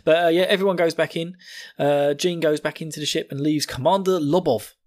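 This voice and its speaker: A man's voice: on the high side, brisk. A young man hosting a podcast, rambling through a casual episode recap with frequent laughs. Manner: rambling, jokey, laughs often. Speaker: podcast host.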